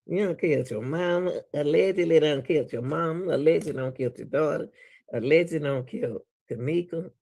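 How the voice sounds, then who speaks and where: A man's voice: on the high side, brisk, gravelly, darkish tone. A man with a Southern US accent, hosting a reaction video and talking casually to his viewers, laughing and exclaiming in disbelief.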